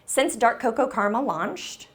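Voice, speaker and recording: A woman's voice: on the high side, expressive, moderate pace. A woman giving a conference keynote talk on a stage mic, upbeat and chatty, with lots of ums and "right?". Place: conference room with an audience. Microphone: handheld or stage mic that briefly cut out.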